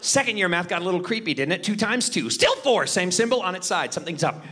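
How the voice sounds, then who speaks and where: High, bright-voiced male stand-up comic. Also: animated, fast talker, slightly rough. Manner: punchy, exclamatory, laughing at his own jokes. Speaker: stand-up comedian. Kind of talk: stand-up routine.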